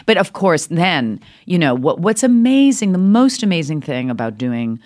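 A middle-aged woman, an actress, telling animated stories in an interview, her voice leaping up with laughter and acted-out lines. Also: moderate pace. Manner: lively, swings high with laughter and voices. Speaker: actress guest.

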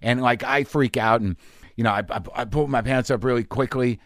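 Middle-aged man, podcast host, confessional storyteller, halting with fillers, dry close mic. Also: medium pitch, fairly bright tone, no room sound. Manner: halting, confessional, full of uh and you know fillers. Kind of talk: candid comic storytelling and interview.

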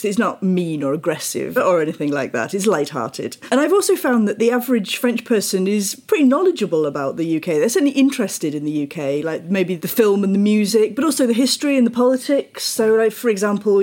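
A British woman in a podcast discussion, talking in a lively, lightly humorous way. Her voice sits at a middle pitch. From Britain. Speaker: podcast co-host.

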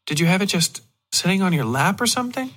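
A man voicing a young woman who is teasing and weary, in a dark audio story. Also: high-pitched, big pitch swings, fast, voice pushed up, heavily acted.

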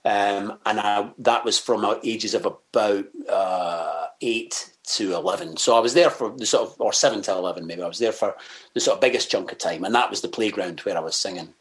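A man's voice: lowish voice, brisk. A Scottish man chatting casually as a guest, rambling and hesitant with many fillers, swearing freely and joking at his own expense. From Scotland. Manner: swears freely, self-mocking. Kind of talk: casual interview chat.

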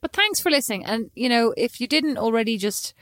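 A woman's voice: a little high, a little fast, no room sound, studio quality. A young woman co-hosting a podcast, chatting casually and teasingly with her sister, telling stories with lots of laughter. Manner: teasing, animated storyteller, giggly. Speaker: podcast co-host. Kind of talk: casual chat between sisters.

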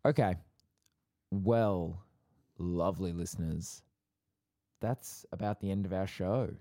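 A man's voice: low voice, takes it slowly, warm tone, dry recording. A young man co-hosting a podcast, chatting casually with dry, teasing banter. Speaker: podcast co-host. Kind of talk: casual chat.

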